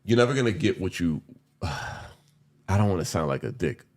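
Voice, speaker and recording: A very deep-voiced man in his forties chatting on a podcast. He talks candidly and loosely, rambling through his thoughts with street slang and occasional swearing. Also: lively intonation, normal speed, a little mellow. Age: 40s. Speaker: podcast co-host. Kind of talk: casual chat.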